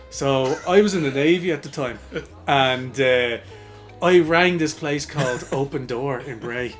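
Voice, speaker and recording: A man co-hosting a podcast, telling a story in a casual, laughing, animated way. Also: mid-range voice, moderate pace, soft background music. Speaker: podcast co-host.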